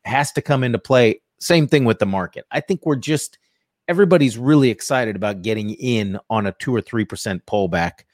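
A man co-hosts a relaxed market show, his voice rising and falling with plenty of animation. He talks through charts with vivid, joking turns of phrase. The sound is dry and close, with no room echo. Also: mid-range voice, a little fast. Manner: lively, jokey, vivid chart talk. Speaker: co-host. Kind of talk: casual market commentary.

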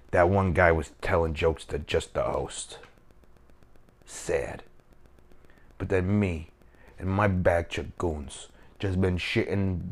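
Man doing a deep-voiced New York tough guy, put-on New York accent, boastful and profane. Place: home kitchen.

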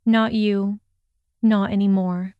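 A woman voicing a furious, sharp-tongued young witch who snaps and rises in pitch when angry. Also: level tone, slow pace, clean tone, dry recording, phone-quality sound, lightly acted. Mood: cold. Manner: snapping, raised and shrill when angry.

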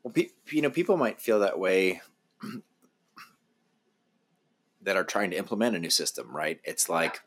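Very deep-voiced reflective man. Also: big pitch swings, normal speed, pauses often. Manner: reflective, thinking aloud with fillers. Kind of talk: casual podcast conversation.

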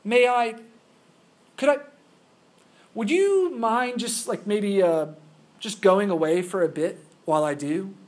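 A man voicing a frightened, thirsty young girl who speaks in a hesitant, halting, pleading way. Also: high-pitched, voice pushed up. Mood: nervous.

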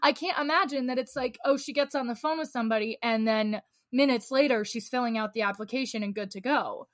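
A woman's voice: fairly high pitch, fairly quick, no room sound, studio quality. A woman co-hosting a podcast in casual chat, ranting with rising anger. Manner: fired-up, rants and acts out angry scenes. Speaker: podcast co-host.

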